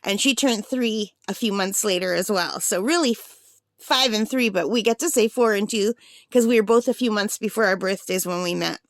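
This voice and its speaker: A sixty-year-old woman unboxing a birthday gift on her vlog, gushing with breathless excitement. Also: mid-range voice, moderate pace, dry recording, studio quality. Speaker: art supply vlogger.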